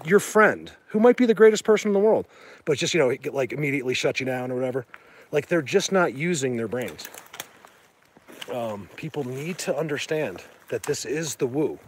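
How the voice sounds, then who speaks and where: A man hosting a casual livestream from outdoors in the rain, talking excitedly to viewers through a handheld phone as he walks. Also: mid-range voice, breathy edge. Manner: rambling, excitable, addresses viewers. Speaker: livestream host. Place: outdoors in woods during rain.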